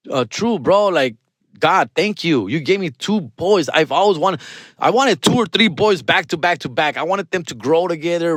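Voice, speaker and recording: Animated slangy comedian man. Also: on the high side, no echo. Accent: Californian. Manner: animated, slangy, self-mocking storytelling. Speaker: podcast host. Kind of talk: casual comedic monologue.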